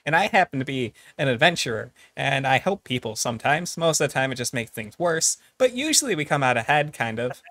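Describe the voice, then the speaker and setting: A man's voice: mid-range voice, big pitch swings, fairly quick, hardly any pauses, a bit bright, dry recording. A man playing a breezy childlike warlock girl. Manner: breezy, cheerful, offhand. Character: childlike female warlock adventurer.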